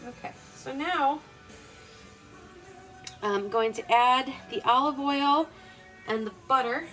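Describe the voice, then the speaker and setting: A young woman with a slightly high voice chats her way through a home cooking vlog. She rambles with plenty of ums and restarts and jokes at her own expense. Music plays faintly in the kitchen behind her. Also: takes it slowly, fairly bright tone, rough recording. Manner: rambling and self-deprecating, full of fillers. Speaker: home cooking show host. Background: playlist music playing faintly.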